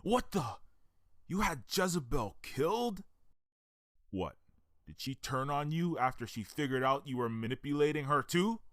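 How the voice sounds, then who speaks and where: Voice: medium pitch, big pitch swings, unhurried, fairly bright tone, no echo. A player voicing a betrayed male detective who accuses and confronts the person who deceived him. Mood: angry. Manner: accusing, indignant.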